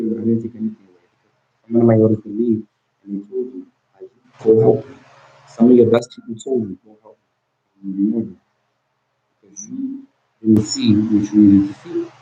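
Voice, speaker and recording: With a lowish, mellow voice that has a breathy edge, this man talks expressively and a little fast into the camera. His emotional monologue is intense, pleading and confrontational, full of repeated and restarted words, and the lo-fi recording sounds dull.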